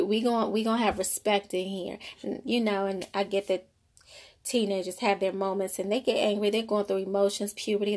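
A woman in her thirties, a mother of two, talking casually about parenting and faith in a rambling, conversational way. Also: mid-range voice. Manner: conversational, rambling, frequent "you know". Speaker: mother sharing parenting thoughts. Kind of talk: casual faith-based monologue.

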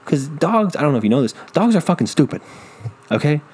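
Husky and darkish in tone, his voice runs on the high side with big swings in pitch and a slightly quick pace. He's a podcast host alone at a studio mic, delivering a profane, rambling, self-deprecating rant.

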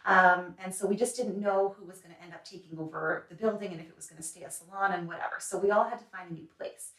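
A woman's voice: on the low side, steady tone, fast talker, fairly bright tone. Chatty woman in an echoey room. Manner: chatty and earnest, many fillers and likes. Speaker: salon owner and hair remover. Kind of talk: interview answers. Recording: echoey room, mic a little distant.

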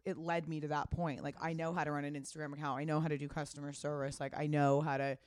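A woman's voice: low voice, flat delivery, fast talker, darkish tone, no room sound, clean studio sound. A woman in her thirties from the United States, a fashion brand founder, talking casually in an interview, rambling with many fillers and the odd swear word.

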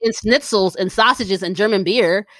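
A woman co-hosting a casual podcast, talking in an animated, blunt and slangy way. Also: medium pitch, normal speed, no echo, clean studio sound. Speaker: podcast co-host.

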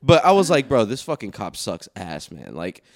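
A man's voice: on the low side, huge pitch swings, normal speed. A young man in casual, profane chat, telling stories and laughing.

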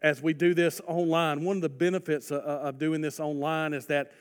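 A man preaching a sermon, his voice rising loud for emphasis and sinking to soft, earnest appeals. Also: fairly high pitch, little pitch movement, brisk, clear, resonant tone. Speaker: pastor. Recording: long hall reverb.

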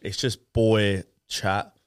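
A young man co-hosting a podcast in casual, laid-back and sweary banter with quick asides. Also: lowish voice, level tone, clear, resonant tone, no room sound, studio quality. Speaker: podcast co-host.

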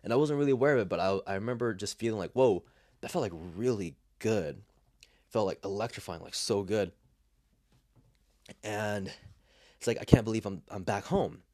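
A man's voice: on the low side, fairly quick, long pauses, no room sound. A young man telling an emotional personal story in a casual, reflective way, full of fillers and restarts, with tears close to the surface. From Los Angeles area, US. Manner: reflective, emotional, many fillers and restarts, often drops to a soft near-whisper. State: emotional, tearing up.

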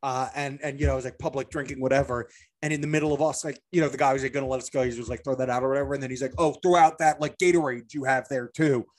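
A young man co-hosting a podcast, telling stories in a rambling, animated way with lots of fillers and restarts. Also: mid-range voice, very fast. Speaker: podcast co-host. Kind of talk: casual storytelling chat.

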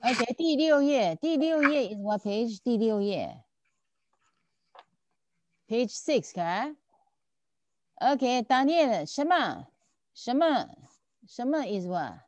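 Tutor, woman, lively up-and-down voice, patient and repetitive, dull dry sound. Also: fairly high pitch, slow pace, long pauses. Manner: patient, repeats and checks understanding often. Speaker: Chinese language teacher. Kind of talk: online tutoring lesson.

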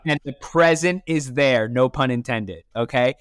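A man hosting a podcast, chatty and animated, with many fillers. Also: medium pitch, a little slow, smooth, no echo, studio quality. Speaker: podcast host. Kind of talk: conversational interview.

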